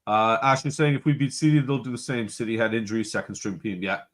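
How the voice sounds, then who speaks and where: A man's voice: fairly low pitch, quick pace. A man hosting a casual football live stream, reading out viewer comments and bantering with his co-hosts. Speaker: host.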